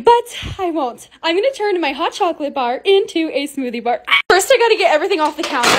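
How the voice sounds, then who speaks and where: A young woman narrating her own lifestyle vlog in a bubbly, excitable voice-over. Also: high voice, slight background noise. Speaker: beauty and lifestyle creator.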